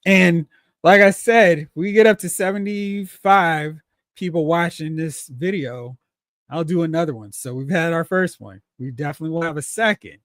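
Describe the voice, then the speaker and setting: A man's voice: on the high side, normal speed, no room sound, clean studio sound. A man hosting a casual toy-collecting livestream, reading chat comments aloud, laughing often and acting out exclamations.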